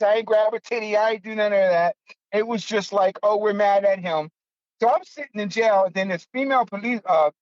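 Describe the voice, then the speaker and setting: A man's voice: sits high, no echo. A man telling a personal story on a podcast in blunt, profane, casual slang, with emphatic outbursts. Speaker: podcast guest. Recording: dull lo-fi, dry.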